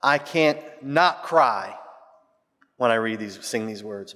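A man preaching a sermon as pastor, swinging between loud emphatic lines and hushed, quiet ones. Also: medium pitch, expressive, slow. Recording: reverberant hall.

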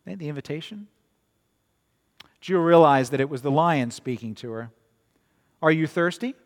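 A man's voice: on the high side, normal speed, darkish tone. A man preaching a sermon in a conversational way, often repeating words and checking in with "right?", in a long-reverb hall. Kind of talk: sermon with storytelling.

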